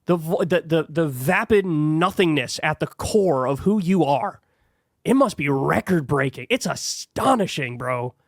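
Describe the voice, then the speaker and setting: A man's voice: fairly high pitch, animated, unhurried, vocal fry, no room sound, studio quality. A man hosting a heated political commentary show, sarcastic and profane.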